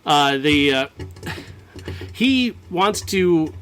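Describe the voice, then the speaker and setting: A man's voice: on the high side, lively intonation, drawn-out words, fairly bright tone. A man co-hosting a movie review podcast, recapping a plot in casual chat with sarcastic asides and frequent laughs. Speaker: podcast co-host.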